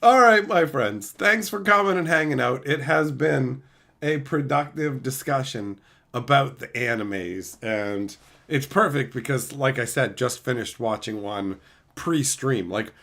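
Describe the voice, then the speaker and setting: A man's voice: mid-range voice, lively intonation, unhurried, vocal fry, a bit bright. Laid-back joking male streamer. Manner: laid-back, joking, reads chat aloud. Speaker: streamer host. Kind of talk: casual livestream chat.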